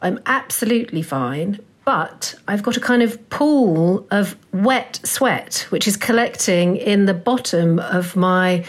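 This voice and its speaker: A woman's voice: medium pitch, expressive, takes it slowly, few pauses. Casting: woman author as guest, frank, rambling, hedges constantly. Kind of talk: casual chat.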